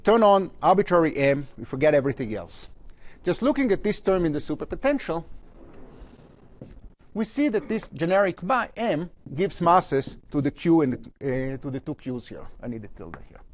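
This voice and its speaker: A man giving a university physics lecture at a blackboard, his phrases often trailing off low at the end. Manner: lively pitch, trails off low at phrase ends. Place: lecture hall.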